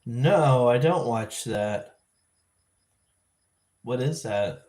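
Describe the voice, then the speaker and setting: A man hosts a casual livestream and talks at an ordinary, middle pitch. He rambles and thinks out loud, often restarting his sentences and correcting himself as he goes. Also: expressive, very slow. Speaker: livestream vlog host. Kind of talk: casual live-stream chat.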